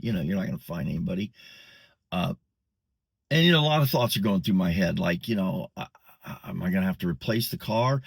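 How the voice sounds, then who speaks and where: A man's voice: on the low side, gravelly, breathy edge, no room sound, studio quality. An older man telling a story in a casual, rambling way, full of fillers and restarts, recorded outdoors in a parking lot. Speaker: vlogger.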